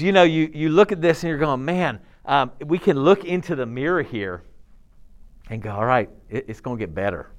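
A middle-aged man gives a sermon to a youth group, talking in a loose, conversational way. His fairly high voice swings widely in pitch as he acts out quoted voices. He keeps checking in with the listeners by asking "okay?" and "all right?". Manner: animated, chatty preaching with frequent "okay?" and "all right?". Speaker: youth pastor.

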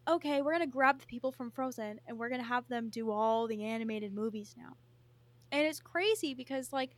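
Bright, high-voiced sarcastic young woman. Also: no room sound. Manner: blunt, sarcastic, swears freely. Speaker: podcast co-host. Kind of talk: casual chat.

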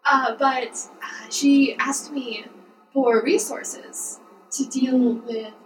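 A woman chatting casually on a podcast, explaining things in a lively, talkative way and laughing often. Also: high voice, drawn-out words, roomy sound, recorded from a distance, soft background music, rough recording. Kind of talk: casual conversational chat.

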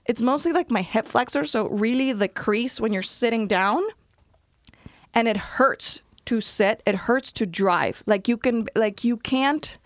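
A woman from Colombia with a Colombian Spanish accent, co-hosting a podcast in animated casual chat and laughing often. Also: on the high side, measured pace, dry recording. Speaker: podcast co-host.

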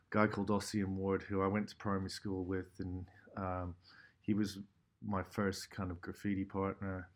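A middle-aged man, telling stories about his graffiti career with a lot of swearing and fillers. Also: deep voice. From London, England. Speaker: graffiti artist guest. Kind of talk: casual storytelling.

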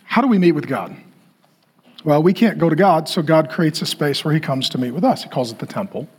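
Brisk and expressive, this pastor preaches in a high, husky voice that rises and falls as he teaches. He throws in playful asides and breaks into sudden loud bursts toward the congregation.

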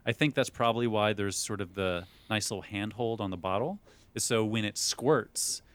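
Low, smooth-voiced laid-back male podcaster. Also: moderate pace. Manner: laid-back, rambling explainer. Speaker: podcast co-host. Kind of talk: casual chat. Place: basement room.

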